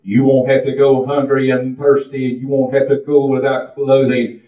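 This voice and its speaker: A man's voice: mid-range voice, little pitch movement, moderate pace. A man preaching a sermon in a folksy style that builds into a fervent chant. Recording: distant, echoey, muffled room recording.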